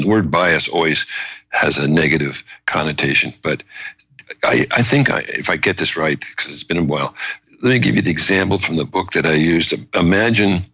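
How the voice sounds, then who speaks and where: A man who is a neurologist and author, explaining his ideas as an interview guest in a measured way with frequent restarts. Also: sits low, sharp tone, dry recording, rough recording. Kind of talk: conversational interview.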